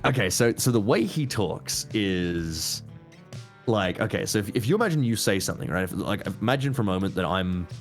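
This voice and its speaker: A man's voice: fairly low pitch, animated, brisk, faint music behind. A man chatting casually as an interview guest, rambling with restarts, asides and swearing. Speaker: interview guest, YouTuber and voice actor. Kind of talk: casual chat.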